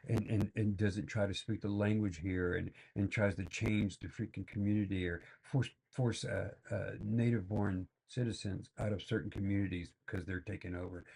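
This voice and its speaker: A man's voice: on the low side, vocal fry, dark tone, husky. A man giving rambling, exasperated reaction commentary full of fillers and restarts. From Texas. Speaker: reaction video host. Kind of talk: casual ranting commentary.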